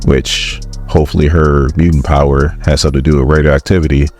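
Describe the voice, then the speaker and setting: Very deep-voiced chatty man. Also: little pitch movement, a little fast, a little mellow, soft background music. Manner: chatty, joking aside. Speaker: comic book recap host. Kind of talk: casual comic book recap.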